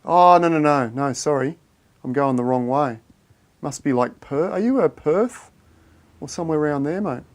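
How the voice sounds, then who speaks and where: A man hosting a casual livestream. He thinks out loud and chats with viewers in a friendly, matey way. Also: fairly high pitch, expressive, moderate pace. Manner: thinks aloud while reading viewer chat, matey and chatty. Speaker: livestream host.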